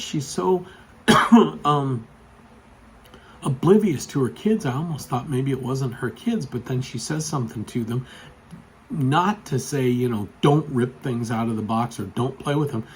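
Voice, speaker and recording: Vlogger, male, mid pitch, rambling casual storyteller, gets worked up and loud. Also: a little hiss or hum, rough recording. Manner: chatty, rambling, with frequent fillers; gets loud and excited when telling the story.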